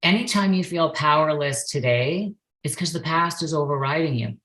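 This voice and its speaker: Woman in her 40s with a low voice on a podcast, earnest and emotional, slips into her old panicked self sometimes. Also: normal speed, a bit bright, rough recording. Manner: earnest and emotional, acts out her own past outbursts. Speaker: guest, perception facilitator and yoga instructor. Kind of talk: podcast interview, personal storytelling.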